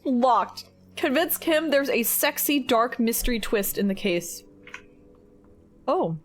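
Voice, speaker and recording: A woman's voice: a little high, animated, slow, slight background noise. A young woman streaming a video game, playful, reading dialogue aloud and laughing often. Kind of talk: casual game playthrough commentary.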